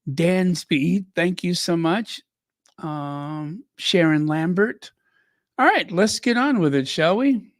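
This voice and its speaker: Slow unhurried stream host, reads out viewer names, dry close sound. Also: mid-range voice, dry recording. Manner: chatty, greets viewers by name. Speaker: livestream host. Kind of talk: casual livestream chat.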